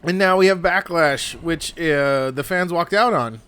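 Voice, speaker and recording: A man co-hosting a casual wrestling podcast, profane and quick to laugh. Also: on the high side, smooth. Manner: profane, laughs a lot, animated. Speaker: podcast co-host.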